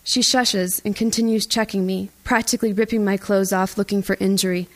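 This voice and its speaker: Woman reading a tense audiobook, first person, steady and even. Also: medium pitch, a little fast. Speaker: audiobook narrator. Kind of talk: first-person scripted narration.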